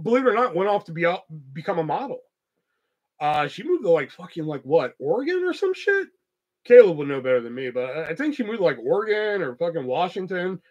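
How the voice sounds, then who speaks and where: A man's voice: on the high side, fairly bright tone. A young man hosting a podcast, telling a story in a loose, profane, rambling way full of fillers. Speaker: podcast host. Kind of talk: casual storytelling.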